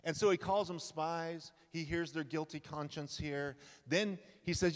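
A male pastor preaching a sermon at a men's conference, telling the story with lively, acted-out quotes. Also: fairly high pitch, moderate pace, few pauses. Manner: animated storytelling, acting out quoted lines. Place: conference hall. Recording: live hall with long reverb.

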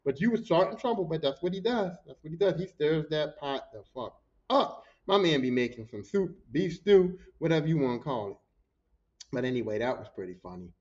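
A man telling work stories on his podcast in a loose, profane, animated way, acting out what others said. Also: a little high, a little fast, highs cut off. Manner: profane, animated, acts out quotes. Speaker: podcast host. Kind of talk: casual storytelling monologue.

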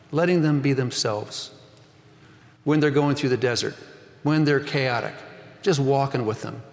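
A man's voice: mid-range voice, gravelly. Male pastor, 50s, earnest sermon storyteller; reverberant hall recording. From Northern California. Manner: earnest storytelling preacher, rising emphasis.

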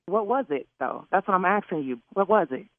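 A woman's voice: medium pitch, lively intonation, brisk, no room sound. A woman on the phone arguing heatedly as the target of a prank call, indignant and cursing. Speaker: caller pranked on air. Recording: tinny phone line.

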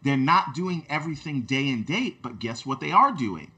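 A man's voice: mid-range voice, big pitch swings, normal speed, pushed and bright, soft background music. A man co-hosting a gaming podcast in casual talk, arguing his points at length with examples, a father with kids. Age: adult father of children. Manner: argumentative, builds points with examples. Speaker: podcast co-host.

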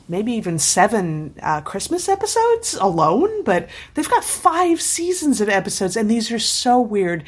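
Husky woman chatting with enthusiasm. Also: medium pitch. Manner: enthusiastic, laughs often, rambling. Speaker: podcast co-host. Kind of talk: casual chat.

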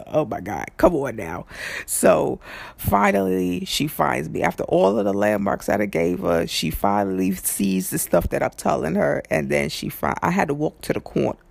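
A man hosting a podcast, telling a story in a chatty, animated way and acting out the quotes. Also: a little high, moderate pace, creaky, no echo. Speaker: podcast host. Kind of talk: casual storytelling.

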